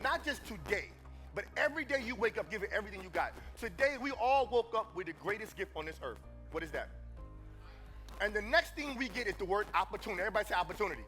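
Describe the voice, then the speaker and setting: A man speaking from a conference stage, his voice sitting high and sounding bright and forceful. He preaches to the crowd, dropping to a hushed, personal tone and then rising to loud calls. Faint music plays behind him. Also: lively intonation, fairly quick. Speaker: motivational speaker. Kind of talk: live motivational speech. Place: conference stage before an audience.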